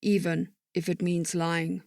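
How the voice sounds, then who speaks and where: A commanding female lieutenant in an audiobook, put on by a male narrator, pitched higher than his own voice. She speaks slowly in clipped, authoritative orders. The sound is dry and close. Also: monotone, vocal fry, a little mellow, no echo. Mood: stern.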